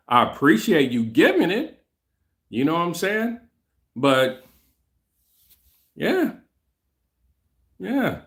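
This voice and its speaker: This middle-aged man runs his own channel and speaks in a high-leaning voice that swoops wildly in pitch. He talks very slowly with frequent pauses and a slightly bright tone, rambling casually to his livestream viewers, addressing chat directly and often repeating himself.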